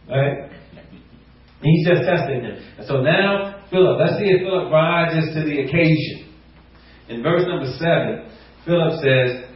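Animated preacher in an echoey hall. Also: male voice, fairly high pitch, moderate pace. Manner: animated, rising to near shouts, acts out quotes. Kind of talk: sermon. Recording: echoey room, distant mic, muffled.

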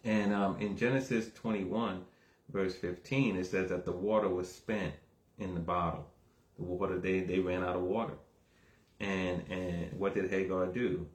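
A man preaching a conversational sermon that starts low and calm and builds into emphatic, raised exhortation. He repeats himself and keeps checking with the listeners. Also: a little slow, roomy sound. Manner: repeats words, asks the audience "right?".

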